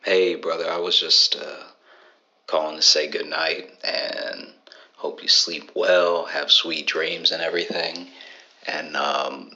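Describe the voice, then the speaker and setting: A man voicing a grown man who calls his friend late at night, speaking slowly, softly and earnestly. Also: extremely low pitch, flat delivery, dull audio, voice pushed down, heavily acted. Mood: tender, earnest. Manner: slow, soft-spoken and earnest. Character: gravel-voiced grown man calling a buddy late at night.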